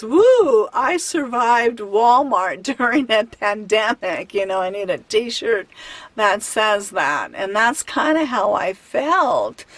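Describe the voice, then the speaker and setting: A woman's voice: mid-range voice, a bit bright, dry recording. A woman van life vlogger telling a story to camera in a chatty, rambling way, laughing lightly as she goes.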